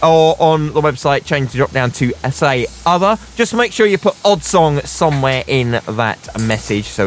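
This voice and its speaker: A man's voice: a little high, expressive, normal speed, few pauses, a little hiss or hum. A man hosting an online radio show, chatting casually and plugging listener requests. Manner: chatty, upbeat, plugs requests.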